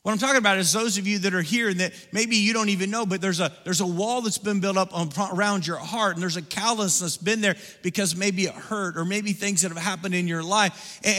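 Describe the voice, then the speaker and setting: Pastor guy preaching, high bright voice, churchy echo all around. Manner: preaching with rising repeated phrases, dropping low to make a point. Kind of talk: sermon. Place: church sanctuary. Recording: hall reverb from a church.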